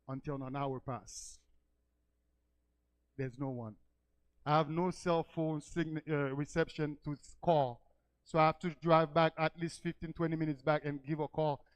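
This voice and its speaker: A male pastor telling a personal story in a sermon, rising from quiet storytelling to emphatic preaching cries. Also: on the high side, smooth, rough recording.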